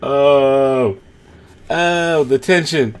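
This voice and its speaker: A man hosting a live watch-along stream, reacting with excitement, gasps and laughter. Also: medium pitch, very slow, smooth. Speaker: livestream host.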